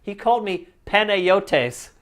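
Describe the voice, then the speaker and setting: Lively, higher-voiced male podcast co-host. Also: slow pace. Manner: laughs often, animated and chatty. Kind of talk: casual chat.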